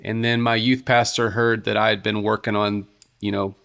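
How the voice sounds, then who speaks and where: A man's voice: on the low side, little pitch movement, normal speed, gravelly. Earnest man telling his faith story. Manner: earnest, warm, filled with "you know" and restarts. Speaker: worship leader and guest. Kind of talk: casual storytelling interview.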